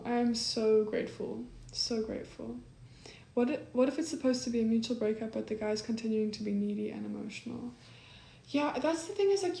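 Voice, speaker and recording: A young woman talking casually and earnestly about a breakup, full of likes and ums, reflective and soft. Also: on the high side, roomy sound. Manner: soft, earnest, heavy use of like and um. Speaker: host giving breakup advice.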